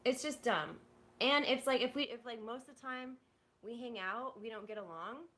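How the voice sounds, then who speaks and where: Venting to her livestream chat, this young woman swears, says "like" a lot, and keeps restarting her sentences out of blunt frustration. Her slightly high voice sounds pushed and bright, moving at normal speed.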